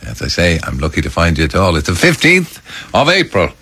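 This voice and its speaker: A very low-voiced male radio presenter with a bright, slightly husky tone and a lively, swooping delivery. He rambles through wry, self-mocking studio banter over a faint music bed. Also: a little fast, no room sound. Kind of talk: breakfast radio chat. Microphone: studio microphone.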